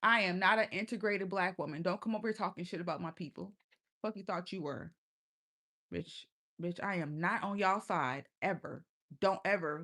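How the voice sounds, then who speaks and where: A woman's voice: on the low side, moderate pace, sharp tone. Blunt, profane woman streamer. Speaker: live streamer. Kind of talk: casual livestream chat.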